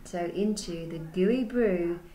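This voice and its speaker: Slow, expressive woman teacher reading aloud. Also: lowish voice. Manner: gentle, expressive, asks questions. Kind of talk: reading a picture book aloud to children. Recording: roomy echo, faint background hum.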